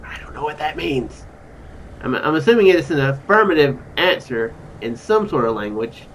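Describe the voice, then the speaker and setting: Southern guy rambling thru a game, kinda high voice that bounces all over. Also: expressive, normal speed, fairly bright tone, a little hiss or hum, rough recording. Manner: rambling, chatty asides full of fillers. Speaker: gaming channel host. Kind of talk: game commentary while reading a story game aloud.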